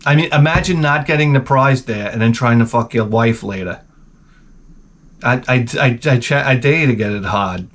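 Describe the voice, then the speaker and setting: A man's voice: medium pitch, moderate pace, a bit bright. A man in his forties, the channel host, telling a profane, rambling comedic rant.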